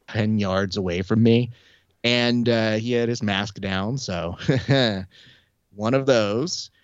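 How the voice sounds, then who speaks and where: Low-voiced man telling an animated story. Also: no echo, lo-fi sound. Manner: animated, acts out quotes with shifts in pitch. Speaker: podcast host. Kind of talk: casual storytelling chat. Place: Burbank area.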